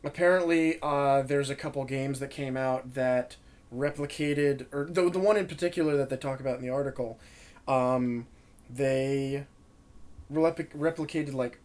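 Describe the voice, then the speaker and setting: A man's voice: mid-range voice, normal speed, darkish tone. A young man co-hosting a casual podcast, rambling and stumbling as he retells a joke, running on little sleep and lots of espresso. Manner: rambling, laughing, stumbling over a retold joke. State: sleep-deprived, wired on espresso. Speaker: podcast co-host. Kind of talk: casual chat.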